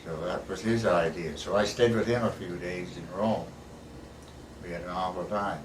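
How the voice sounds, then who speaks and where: A man's voice: low voice, fairly even intonation, normal speed. An older man, a war veteran, telling his stories in a plain, folksy way, often ending sentences with "eh". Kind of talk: casual storytelling interview. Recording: echoey room, recorded from a distance, faint background hiss.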